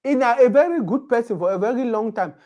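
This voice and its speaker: Animated young Nigerian woman, lively pitch. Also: fast. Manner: animated storyteller, rising in pitch to drive her points; mixes Pidgin into English. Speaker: podcast co-host. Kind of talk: casual podcast chat.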